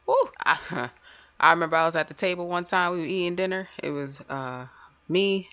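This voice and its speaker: A woman's voice: lowish voice, normal speed, no room sound, dull audio. A woman co-hosting a podcast in casual chat, laughing often while she recounts childhood memories. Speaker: podcast co-host.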